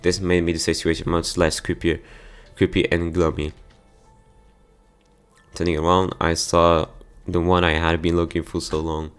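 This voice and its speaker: A man's voice: deep voice, level tone, normal speed, clean tone, soft background music. A man reading a visual novel aloud for his gameplay channel, stumbling over words now and then. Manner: plain reading with stumbles and sudden outbursts.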